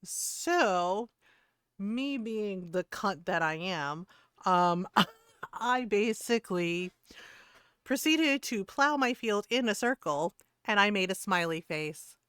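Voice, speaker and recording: A middle-aged woman chats on her game stream, blunt and freely swearing, with frequent laughter. Her voice is smooth and clear. The sound is dry and close, with no room echo. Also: mid-range voice, animated, slow, fairly bright tone. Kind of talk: casual stream chat.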